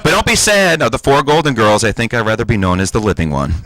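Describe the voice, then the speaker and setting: A man's voice: medium pitch, animated, fast, fairly bright tone. A comedian in his forties from New Jersey doing a campy, self-deprecating stand-up set as a talk show guest. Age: 40s.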